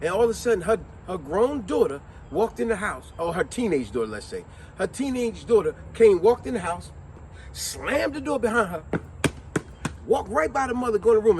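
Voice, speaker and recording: Man, vlog host, high and very lively voice, storyteller energy, faint hiss behind. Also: a little fast. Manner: animated storytelling, acts out quotes. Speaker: vlogger host. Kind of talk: casual motivational monologue.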